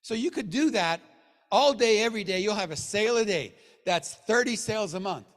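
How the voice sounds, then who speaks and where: A man giving a motivational sales training talk to a room of people, joking, and swinging between low mutters and loud bursts. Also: lively intonation, moderate pace. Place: meeting room with an audience. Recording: long hall reverb.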